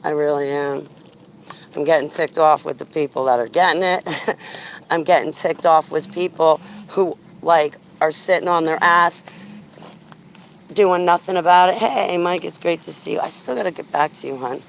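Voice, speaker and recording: A woman's voice: sits low, moderate pace, gravelly, slight background noise. A woman vlogging outdoors while walking her dog, rambling through a story in a blunt, chatty way on a handheld phone. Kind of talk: casual rambling chat.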